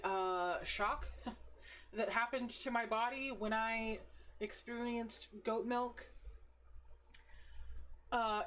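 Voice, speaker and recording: A woman's voice: fairly high pitch, fairly bright tone, slight background noise. A woman in her thirties, a live streamer chatting casually and rambling, swearing freely and laughing often as she answers her chat. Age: 30s.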